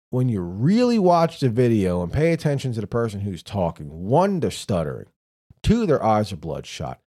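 A man's voice: mid-range voice, mellow. A man co-hosting a casual podcast chat, ranting and mocking with heavy swearing. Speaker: podcast co-host.

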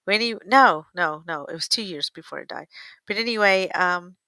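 A woman's voice: on the low side, moderate pace, sharp tone, clean tone, no room sound, rough recording. An older woman from the United States telling a personal story in a casual, rambling way, correcting herself and laughing often. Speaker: interviewee.

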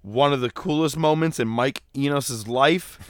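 A man co-hosting a casual podcast, recapping wrestling with animated, mock-dramatic storytelling. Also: medium pitch, moderate pace, slight background noise. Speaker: podcast co-host.

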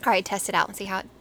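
A middle-aged woman hosting a podcast, chatting casually with her husband and projecting her voice with clear enunciation. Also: mid-range voice, a bit bright. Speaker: podcast host. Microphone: podcast mic with earphones.

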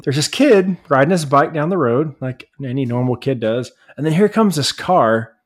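A man from the United States co-hosting a podcast, telling long rambling stories, often laughing and growing animated as he rants. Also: mid-range voice, normal speed. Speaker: podcast co-host. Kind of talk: casual chat.

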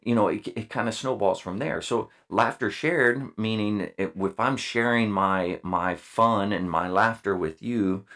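Deep-voiced man giving earnest leadership talk. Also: a little slow, few pauses, a bit bright. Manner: earnest, repeats key phrases, frequent fillers. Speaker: senior enlisted leader.

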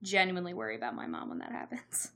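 A young woman chatting casually and recapping a story with animated energy. She acts out other people's lines as she goes and laughs often, with plenty of "like" filling her speech. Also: lowish voice, fast, gravelly. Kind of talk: casual chat recapping a movie.

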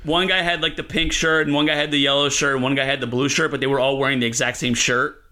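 A comedian guest on a podcast telling a story in an animated, profane way, full of fillers. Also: male voice, mid-range voice, quick pace.

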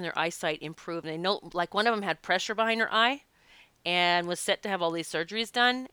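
Bright, crisp-voiced woman storyteller. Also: on the low side, no echo. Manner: animated, emphatic storytelling. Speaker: past life regression practitioner. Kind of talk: casual spoken talk to an audience.

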